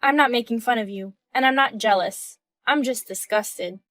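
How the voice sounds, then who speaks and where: A woman in her thirties reads a scripted text-message story in a fairly high, indignant voice. The sound is dry and close, with no room echo. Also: normal speed, a bit bright. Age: 30s. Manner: indignant, questioning. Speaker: story narrator voicing the wife.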